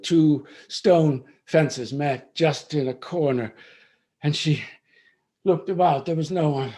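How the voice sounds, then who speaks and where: A man storyteller performing a folk tale with slow, rhythmic repetition, sometimes dropping to a whisper. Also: mid-range voice, darkish tone. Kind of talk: dramatic oral storytelling.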